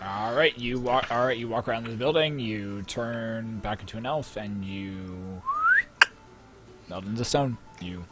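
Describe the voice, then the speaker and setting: A young man narrating a tabletop game as game master, halting often and restarting his sentences. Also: fairly low pitch. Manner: halting, many fillers and restarts. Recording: faint music behind.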